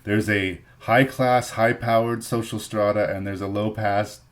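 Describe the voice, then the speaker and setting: A man from Canada hosting a podcast, giving a thoughtful, measured film review in casual chat and repeating phrases for emphasis. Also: on the low side, steady tone. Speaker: podcast host.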